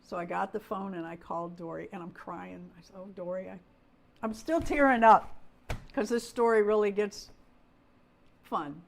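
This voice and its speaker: A woman's voice: mid-range voice, normal speed, gravelly, pauses often. A middle-aged woman hosting a casual livestream, talking through a story with plenty of feeling. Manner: chatty storyteller, talks with feeling. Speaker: host of a doll livestream.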